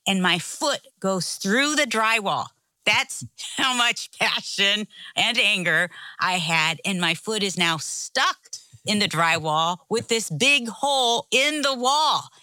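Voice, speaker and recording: A woman's voice: mid-range voice, expressive, takes it slowly, bright, forceful tone, no room sound. A middle-aged woman co-hosting a casual chat, telling a story animatedly and acting out the voices in it. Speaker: co-host.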